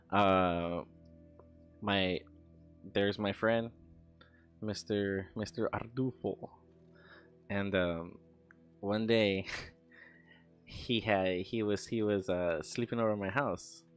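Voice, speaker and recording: A young man chats loosely on a stream as he works, trailing into stories and dropping curses along the way. His voice sits a little low. Faint music plays quietly behind him. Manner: rambling, swearing, laughing storyteller. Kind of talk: casual chat while working on an animation.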